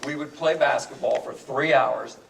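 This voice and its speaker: A man telling a lively party story to friends, often repeating his words and laughing as he goes. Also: medium pitch, moderate pace, vocal fry, slight background noise. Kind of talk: casual storytelling speech. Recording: echoey room from far off.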